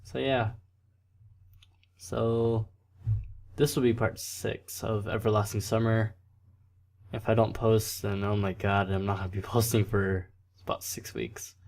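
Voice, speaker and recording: A man's voice: lowish voice, little pitch movement, a little slow, creaky, long pauses, darkish tone. Man, let's play host, casual, self-deprecating, reads game text aloud, stumbles on words. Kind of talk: reading a visual novel aloud.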